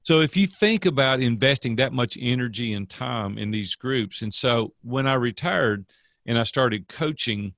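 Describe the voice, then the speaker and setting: Older man with a gravelly, earnest voice. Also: mid-range voice, expressive, moderate pace, fairly bright tone, no echo, clean studio sound. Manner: earnest, preachy storyteller. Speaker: guest, coach. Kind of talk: casual interview storytelling.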